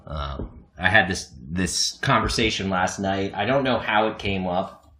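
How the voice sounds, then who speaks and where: A podcast co-host with a low, bright, forceful voice tells a long, self-mocking story at an unhurried pace. He rambles casually and laughs often, and the room sounds echoey.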